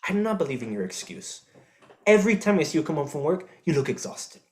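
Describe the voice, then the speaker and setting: A man's voice: fairly high pitch, very animated, quick pace, darkish tone. A young actor playing an eighteen-year-old son who confronts his cheating father, swearing and slipping into Spanish words on a theatre stage. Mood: bitter. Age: young adult. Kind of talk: live student stage drama.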